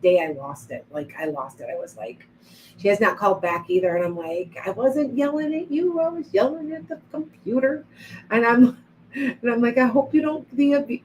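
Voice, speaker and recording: A woman's voice: mid-range voice, a little hiss or hum, low-quality recording. A middle-aged woman hosting a casual psychic livestream, rambling and reading out viewer comments as they come in. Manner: chatty, rambling, reads viewer comments aloud. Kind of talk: casual live-stream chat.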